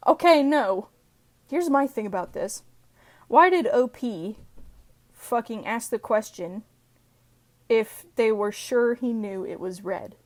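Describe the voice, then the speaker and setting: A woman's voice: a little high, expressive, slow, pauses often. A young woman casually reading internet posts aloud and adding playful, sweary asides between giggles. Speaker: reddit post reader.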